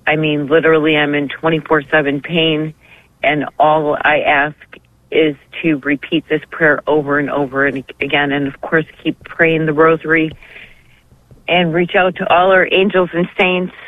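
A woman's voice: deep voice, flat delivery, normal speed, no echo. A woman calls in to a radio program over a thin, tinny phone line, her speech tearful and rambling. She talks with earnest emotion, and the sound is dry and close with no room around it. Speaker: caller. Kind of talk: call-in radio testimony.

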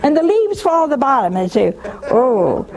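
An older woman hosting a religious call-in show, talking in an animated, scolding way with mocking asides. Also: fast. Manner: animated, scolding and mocking with sudden pitch jumps.

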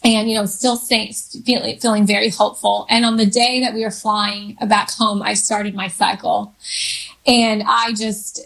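A woman's voice: mid-range voice, flat delivery, moderate pace, gravelly, a bit bright, low-quality recording. A woman guest telling a personal story in a rambling, hesitant way with many fillers and restarts, openly emotional and candid.

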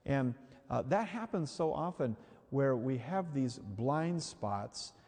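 A man's voice: medium pitch, animated, slow pace, a little mellow. A man preaching a sermon who acts out the reactions he quotes. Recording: hall reverb.

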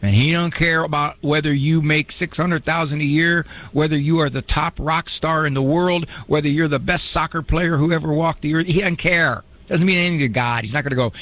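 A man's voice: fairly high pitch, steady tone, fairly quick, hardly any pauses, fairly bright tone. A man hosting a radio advice talk show, conversational and humorous with a preachy bent.

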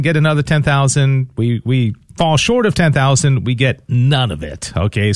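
A man hosts a radio pledge drive from a studio, upbeat and chatty, with plenty of fillers and restarts. He speaks at a middle pitch, close to the mic in a dry room. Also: no room sound. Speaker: radio fundraiser host.

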